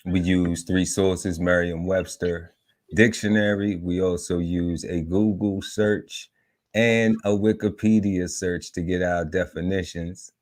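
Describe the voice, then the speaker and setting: A man with a very low voice opens and steers a live talk show. He talks in a relaxed, informal way, often restarting his sentences. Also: slow pace. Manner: relaxed, repeats and restarts, leads with set segments. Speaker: podcast host. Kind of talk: casual live podcast hosting.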